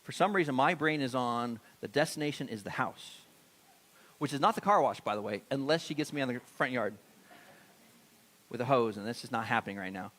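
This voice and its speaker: A man's voice: mid-range voice, expressive, a little fast, a bit bright. A middle-aged man preaching a sermon in a church, talking conversationally and putting questions to the congregation. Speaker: pastor. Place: church sanctuary.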